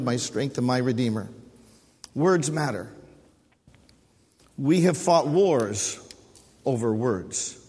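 A middle-aged man preaching a sermon as pastor, with a husky voice, repeating key phrases and calling for amens from the congregation. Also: fairly high pitch. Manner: preaching with repetition and call-and-response. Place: church sanctuary. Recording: long hall reverb.

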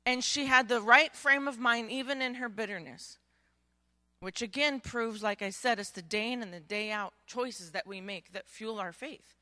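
A woman pastor preaching a sermon in a conversational, joking manner, acting out stories with lively emphasis and frequent restarts. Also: on the high side, moderate pace, dry recording, clean studio sound. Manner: animated storytelling, acting out quotes with rising volume; frequent word repetitions and restarts.

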